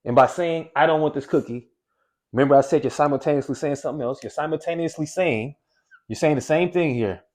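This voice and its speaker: Talking to camera in a laid-back, motivating way, a weight-loss coach uses a slightly mellow voice on the high side. He returns to key phrases and slows down to hit certain words.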